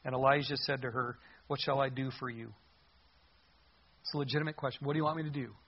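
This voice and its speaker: A man with a husky, slightly breathy voice preaches a sermon in an earnest, conversational manner. The recording sounds dull and lo-fi. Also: medium pitch, steady tone, fast. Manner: earnest, conversational, reads scripture aloud. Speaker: pastor. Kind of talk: expository sermon.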